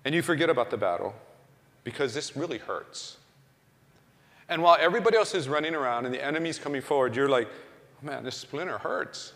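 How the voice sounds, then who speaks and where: A man's voice: medium pitch, quick pace, a bit bright. A man giving a conversational sermon, full of rhetorical questions and restarts. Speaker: pastor. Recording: long reverb of a hall.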